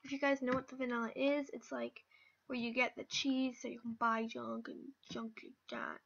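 A young woman giving chatty, excitable commentary while playing an online game, with sudden squeals and whispered asides. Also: fairly high pitch, normal speed, vocal fry. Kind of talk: casual gameplay commentary. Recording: dull lo-fi mic.

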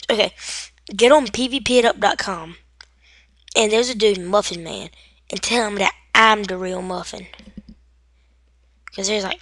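A woman's voice: mid-range voice, normal speed, fairly bright tone, no room sound, studio quality. A woman giving casual, rambling commentary over her game, joking and reading screen text aloud as she plays at home. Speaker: gaming video creator. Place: indoors at home.

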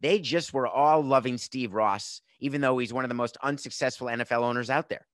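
A man's voice: medium pitch, brisk, dry recording, clean studio sound. Emphatic man hosting sports talk. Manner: emphatic, sarcastic, rhetorical questions. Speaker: podcast host. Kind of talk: opinionated sports commentary.

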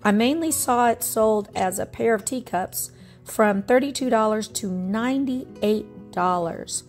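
A woman's voice: fairly high pitch, unhurried, faint music behind. Chatty nostalgic woman showing thrift finds. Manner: chatty, nostalgic, laughs often. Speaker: thrift haul vlogger. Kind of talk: casual show-and-tell narration.

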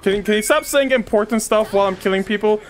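A woman commentating her gameplay casually, excitable, swearing and trash-talking enemies. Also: medium pitch, fast. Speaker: gaming streamer.

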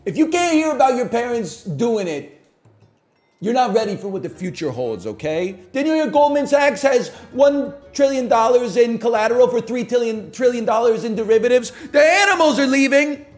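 A man with a very high voice whose pitch swings widely rambles from topic to topic. Quiet music sits behind him. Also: lively intonation, normal speed. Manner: rambling, jumps between topics. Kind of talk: rambling casual monologue.

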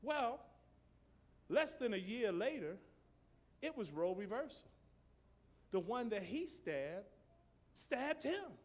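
High, lively preaching man. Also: takes it slowly, long pauses. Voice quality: emphatic, storytelling, bursts into shouts. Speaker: pastor. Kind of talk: sermon. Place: church service.

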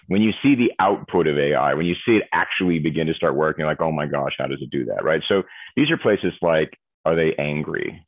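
Deep husky guy explaining stuff in an interview, dry tinny phone-ish audio. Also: no echo. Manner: animated explainer acting out examples in quoted voices. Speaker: AI executive interviewed as guest.

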